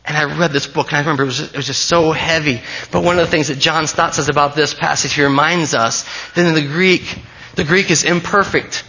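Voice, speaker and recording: A man's voice: on the high side, steady tone, fairly quick, bright, forceful tone, lo-fi sound. A man preaching a sermon as pastor, earnest and emphatic, often repeating key phrases.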